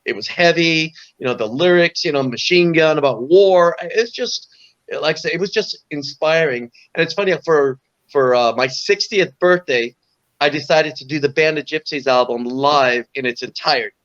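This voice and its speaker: Brief: man in his 60s, slightly high voice, dull lo-fi audio, rambling anecdotal guest. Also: moderate pace, a bit bright. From Orange County, California. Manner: rambling anecdotal, frequent "you know" and repeats. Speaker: guest musician. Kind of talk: casual storytelling interview.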